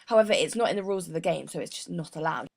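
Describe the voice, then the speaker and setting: A woman's voice: low-pitched, animated, very fast, creaky, a little mellow. A young woman as a sports psychologist guest, giving an earnest prepared explanation with frequent mid-word restarts. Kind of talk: prepared explanation in a mock interview.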